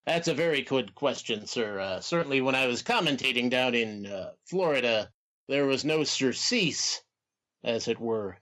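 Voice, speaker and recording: A man's voice: mid-range voice, expressive, moderate pace, a bit bright, pitched below the performer's own voice, lightly acted. A man impersonating a formal older wrestling announcer with old-fashioned, stately diction. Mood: courtly.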